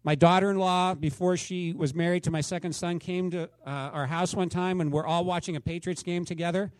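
Middle-aged pastor guy preaching, kinda high voice, goes big then goes quiet, dry close sound. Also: fairly even intonation, fairly quick, dry recording. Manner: dramatic storytelling, swinging from loud exclamations to hushed asides. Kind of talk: sermon.

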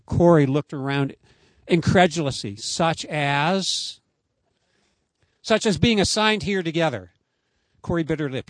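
Guy preaching a sermon outside, pretty high voice, earnest and emphatic, dry close sound. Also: a little slow, long pauses, no echo. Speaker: pastor. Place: outdoors.

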